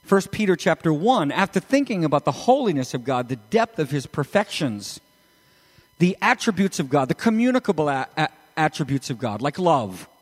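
A man preaching a sermon as pastor, animated and emphatic, with sudden rises in his voice. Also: a little high, moderate pace, in a large hall. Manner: animated, rising to emphatic peaks.

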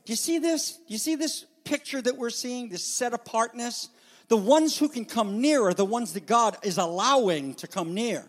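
A man preaching a sermon as pastor, with animated, dramatic emphasis, speaking to a congregation. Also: very high-pitched, normal speed. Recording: long hall reverb.

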